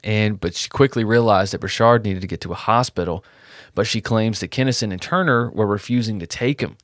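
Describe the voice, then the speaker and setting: A man with a fairly low voice walks through a true crime case in easy, casual podcast chat. The sound is dry and close, with no room around it. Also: fairly quick, dry recording. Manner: relaxed storytelling, swears casually. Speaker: podcast co-host.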